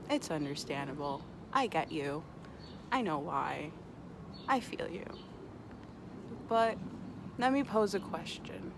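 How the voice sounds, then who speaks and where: A vlogger speaking very slowly and earnestly, lingering on each thought with a melancholy, musing air. The voice sits at a mid pitch, with faint noise in the background. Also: fairly bright tone. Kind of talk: slow reflective monologue to camera.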